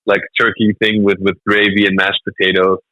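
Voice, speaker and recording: A man chats quickly in a bright, forceful voice. He tells stories with plenty of energy and laughs often. The sound is close and dry. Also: on the low side, no echo, low-quality recording. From Germany. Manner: animated storytelling, laughs often. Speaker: comedian guest. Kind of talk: casual interview chat.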